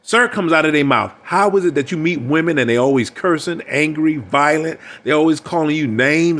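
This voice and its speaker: A man's voice: on the high side, expressive, a little fast, hardly any pauses, fairly bright tone. An older man gives a preachy, emphatic monologue as a relationship coach. He keeps repeating his phrases for emphasis. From United States.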